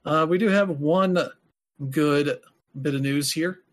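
A man's voice: on the high side, slow pace. Rambling man chatting casually. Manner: rambling, many filler words. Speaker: podcast host. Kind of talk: casual chat.

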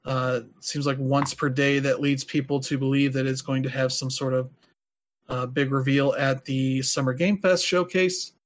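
A man talks loosely on a podcast, filling pauses with plenty of "uh" and "you know." His voice sits at an ordinary middle pitch. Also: steady tone. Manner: rambling, many filler words. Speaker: podcast host. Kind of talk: casual chat.

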